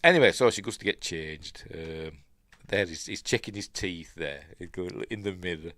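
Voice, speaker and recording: The recording is dry, and the voice is low, expressive, at a moderate pace and a bit bright. It belongs to a middle-aged film review host from Yorkshire, England, speaking Yorkshire English as he loosely talks through a film with ums and uhs, sometimes playfully mimicking the characters.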